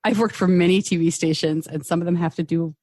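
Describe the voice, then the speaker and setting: A woman hosting a podcast, talking in a chatty, animated way and laughing often, recorded on a desk mic at home. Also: lowish voice, quick pace, no echo, clean studio sound. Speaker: podcast host. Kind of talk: casual group chat. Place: home studio. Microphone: desk microphone on a stand.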